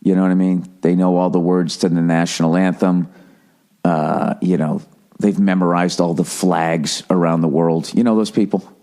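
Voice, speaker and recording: A man's voice: sits low, fairly even intonation, moderate pace, warm tone. A middle-aged American man hosting a podcast, ranting comically with heavy swearing and frequent restarts. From United States. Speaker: podcast host. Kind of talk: comedic podcast rant.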